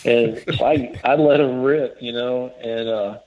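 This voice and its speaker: A man's voice: medium pitch, fairly even intonation, measured pace. A man casually telling a long story as a guest, rambling and restarting as he quotes others. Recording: dull lo-fi audio.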